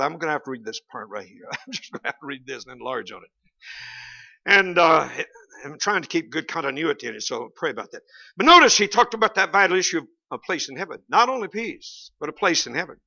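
A man's voice: fairly high pitch, pushed and bright. A man with a Southern accent preaching a sermon as pastor, folksy and joking, with chuckling asides. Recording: dull lo-fi sound.

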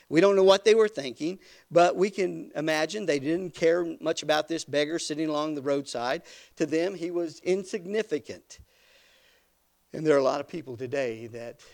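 A man preaching a sermon, building from quiet, hushed passages to loud, rising emphasis. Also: a little high, vocal fry.

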